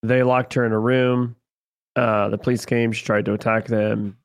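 A man co-hosting a casual podcast, retelling a TV episode and acting out its lines in an animated way. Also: mid-range voice, moderate pace, clear, resonant tone. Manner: animated retelling, acts out quotes. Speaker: podcast co-host. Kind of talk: casual recap chat.

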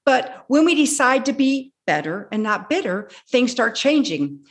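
A woman in her sixties, a guest telling her personal story with animated delivery, acting out her own past words. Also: fairly high pitch, unhurried. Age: 60s. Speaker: guest speaker.

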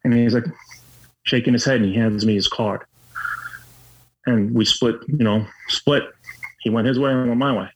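Man, middle-aged, husky, medium pitch, blunt, profane, candid storytelling. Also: fairly even intonation, normal speed, pauses often, highs cut off. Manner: blunt and profane, with many fillers. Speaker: guest.

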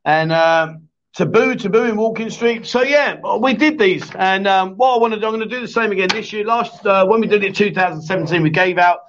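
Picture a man with a notably high voice running a casual live-stream chat show. He rambles, jokes and ribs his co-host between viewer comments. The audio sounds dull and lo-fi, like a stream mic. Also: fairly quick, fairly bright tone, a little hiss or hum. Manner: joking, teasing, rambling.

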